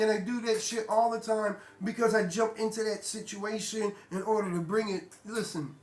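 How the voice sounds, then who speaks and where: A man's voice: high voice, steady tone, moderate pace, hardly any pauses. Man, casual motivational monologue, blunt, profane, emphatic, roomy echoey sound. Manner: blunt, emphatic, swears freely, repeats himself. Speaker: vlogger. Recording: echoey room.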